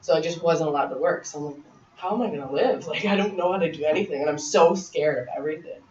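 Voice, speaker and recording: A woman's voice: low-pitched, fast talker, darkish tone, slight background noise. A young woman in her twenties, a guest speaker giving candid personal testimony to a college class, chatty with many "like" fillers and frequent laughs. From Ontario, Canada. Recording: echoey room from far off, slightly dull.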